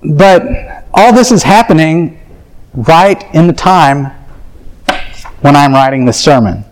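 A man's voice: on the high side, lively intonation, slow, rough recording. Earnest man preaching a personal story. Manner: earnest, confessional, acts out his own thoughts. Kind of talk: sermon storytelling.

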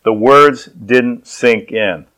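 A man's voice: medium pitch, drawn-out words, a bit bright, low-quality recording. Storytelling male pastor preaching. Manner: storytelling, acts out voices. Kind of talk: sermon.

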